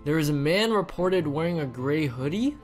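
A man's voice: fairly high pitch, animated, normal speed, soft background music, natural voice. A young man voicing a businesslike male police officer in a Minecraft role-play.

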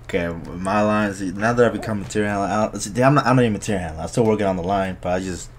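A man co-hosting a casual podcast, telling animated workplace stories with bursts of laughter. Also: fairly low pitch, very fast, slight background noise. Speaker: podcast co-host. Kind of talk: casual chat. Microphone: podcast microphone.

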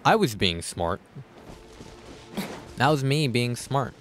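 A young man streaming a game live, muttering to himself and cursing loudly at enemies. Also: medium pitch, big pitch swings, slow. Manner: swears a lot, yells at enemies. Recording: game music behind voice.

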